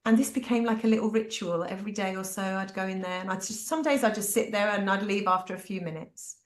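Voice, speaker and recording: Woman, middle-aged, storytelling, animated, echoey room. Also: mid-range voice, fast. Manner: animated, acts out family dialogue. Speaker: parent speaking at a talk. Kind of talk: personal storytelling in a panel talk.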